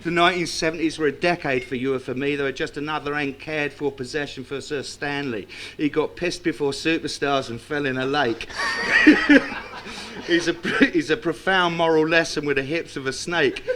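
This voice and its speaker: A man's voice: a little high, steady tone, moderate pace, background noise. A man speaking at a tribute evening, reciting a tribute poem and telling wry, self-mocking anecdotes to a live audience. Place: club function room with live audience.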